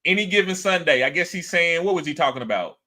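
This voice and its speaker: A man hosting a casual sports talk show, animated, acting out quotes in a higher voice and reading chat comments aloud. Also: quick pace. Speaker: podcast host.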